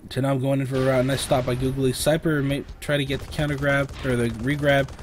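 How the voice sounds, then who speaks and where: A young man with a sore throat, casting a video game match alone in a rambling play-by-play full of fillers, often clearing his throat. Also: medium pitch, flat delivery, fast talker, slight background noise. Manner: rambling, filler-heavy, lifts and speeds up on big plays. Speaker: esports caster. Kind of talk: solo play-by-play game commentary.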